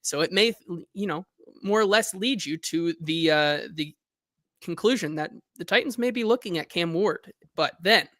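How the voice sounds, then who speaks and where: Bright-voiced chatty male sports host. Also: high voice, normal speed, no room sound, clean studio sound. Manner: chatty, loose, reads news aloud. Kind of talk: casual chat.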